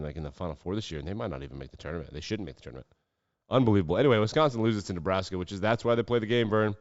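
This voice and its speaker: A man with a lowish voice talks through the weekend's sports news in a relaxed, sarcastic way, tossing off dry asides. The sound is dull and slightly lo-fi, with a close, dry feel and no room echo. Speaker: sports podcast host. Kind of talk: casual sports commentary.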